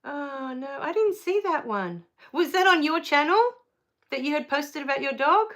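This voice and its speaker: Middle-aged female streamer, casual and tearful, slightly high-pitched, reads chat aloud. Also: normal speed. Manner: chatty and emotional, easily moved to tears; relaxed with frequent fillers. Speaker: live stream host. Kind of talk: casual live stream chat reading viewer comments.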